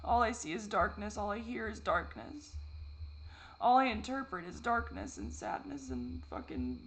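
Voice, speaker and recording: This vlogger has a high, expressive voice as he talks through a confessional video, stumbling and circling back over his words. He swears a lot, swinging from anguish to soft, dry jokes at his own expense.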